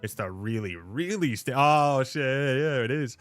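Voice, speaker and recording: A man's voice: mid-range voice, expressive, moderate pace, no echo, clean studio sound, soft background music. A man chatting loosely on a live stream. He swears freely, laughs often and keeps calling people dude and brother. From Canada. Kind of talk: casual live-stream chat.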